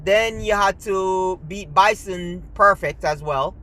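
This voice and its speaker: A Jamaican-accented video game host chatting about old arcade days. The delivery is lively and conversational, and the voice jumps up in pitch whenever friends are quoted. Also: takes it slowly. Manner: animated storyteller, jumps higher when quoting friends. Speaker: gaming channel host. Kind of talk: casual reminiscing monologue.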